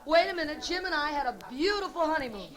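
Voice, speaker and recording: A middle-aged woman with a high, brassy voice works the room in a live stand-up set. She teases couples in the audience and rolls into bawdy punchlines. The recording is live, with a loud crowd right behind her. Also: animated, quick pace. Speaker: stand-up comedian working the crowd.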